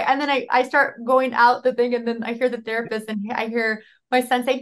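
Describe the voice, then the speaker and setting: A woman interviewer in a conversational interview, telling a personal story in an animated way. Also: on the high side, brisk, hardly any pauses.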